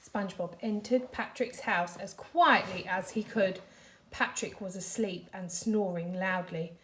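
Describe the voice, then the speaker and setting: A primary school teacher with a British accent reading a storybook aloud to children, expressive and animated. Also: female voice, mid-range voice, unhurried, a little hiss or hum. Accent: British English.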